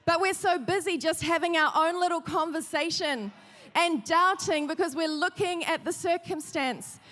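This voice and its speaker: A woman preaching a sermon, telling stories with lively, rising emphasis. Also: very high-pitched, moderate pace, long reverb tail. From New Zealand. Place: large hall.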